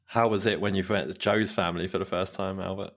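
Male co-host, very low voice, loose rambling storyteller. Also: fairly even intonation, brisk. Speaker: podcast co-host. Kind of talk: casual football podcast chat.

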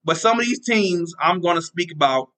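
A man's voice: sits high, lively intonation, moderate pace, pushed and bright, rough recording. A man hosting his own podcast, talking casually and rambling, often repeating himself and joking about himself. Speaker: podcast host. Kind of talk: casual solo sports talk.

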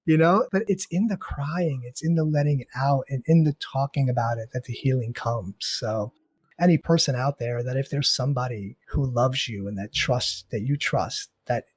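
A middle-aged man with a husky, slightly raspy voice, talking earnestly as a podcast guest. He circles back over his words for emphasis. The sound is close and dry, with no room around it. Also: medium pitch, normal speed, no room sound. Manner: earnest and reflective, repeats phrases for emphasis. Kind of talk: candid interview talk.

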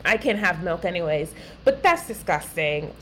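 Giggly woman co-host, animated pitch. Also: moderate pace, slight background noise, poor audio. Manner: giggly, chatty, reactive. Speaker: podcast co-host. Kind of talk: casual recap chat. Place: room with an air conditioner running.

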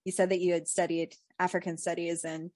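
A woman's voice: fairly low pitch, little pitch movement, a little fast, a little mellow, no echo. A woman podcast host telling a story in casual chat, laughing often and using lots of fillers.

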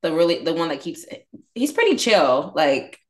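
A woman's voice: sits low, sing-song, moderate pace. A young woman co-hosting a podcast, chatting casually and hesitantly about reality TV, with many fillers. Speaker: podcast co-host.

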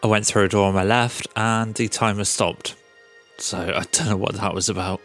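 A fairly low-voiced man recapping a game for his podcast. He talks casually and sarcastically and swears often. Faint music plays under him. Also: steady tone, moderate pace, a bit bright. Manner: sarcastic, swears freely, mocks the game's characters. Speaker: podcast host.

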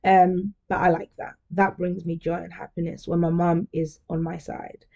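A woman's voice: fairly low pitch, level tone, moderate pace, creaky, a little mellow, lo-fi sound. A young woman hosting a podcast, talking candidly and chattily in a casual monologue, often laughing. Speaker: podcast host.

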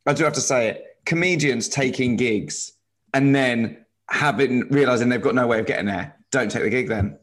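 A man's voice: mid-range voice, moderate pace, a bit bright. A man, a comedian, telling jokey stories in casual podcast chat.

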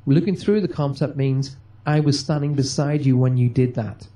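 Brit guy chatting in an interview, warm low-key voice, animated and joking. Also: moderate pace. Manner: lively, joking, acts out dialogue. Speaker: medium and touring stage performer. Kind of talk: storytelling interview answers.

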